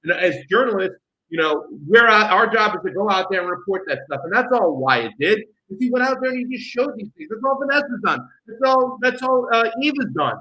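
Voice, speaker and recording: A man co-hosting a political commentary show, ranting in a heated, rapid way. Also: high-pitched, lively intonation, sharp tone, low-quality recording. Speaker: co-host.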